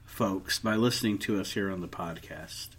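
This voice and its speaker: A podcast co-host with a deep, slightly rough voice chats casually at a moderate pace. He rants and swears freely, makes jokes at his own expense, and often restarts sentences or trails off.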